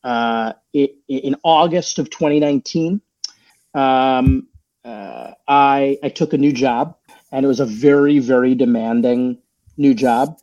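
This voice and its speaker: A man chats as a guest on a podcast, rambling through his story with plenty of fillers and restarts. His voice is mellow and relaxed. The audio is dull and a little lo-fi. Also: mid-range voice, unhurried. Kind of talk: casual podcast chat.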